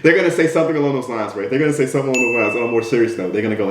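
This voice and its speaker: A man's voice: medium pitch, expressive, racing, music in the background. Direct, repetitive American man coaching. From United States. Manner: direct, repetitive, keeps asking "right?". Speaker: motivational speaker. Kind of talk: motivational talk. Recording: roomy echo.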